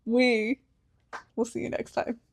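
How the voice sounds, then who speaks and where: Young female podcast co-host, slow and hesitant, fairly high voice, casual. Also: level tone, over a noisy crowd. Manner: hesitant, with fillers. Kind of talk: casual chat.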